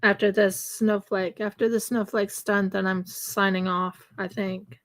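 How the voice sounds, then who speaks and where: A woman's voice: medium pitch, level tone, measured pace. A woman chatting casually and rambling on a live stream while she crafts. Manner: chatty and rambling, with laughs and fillers.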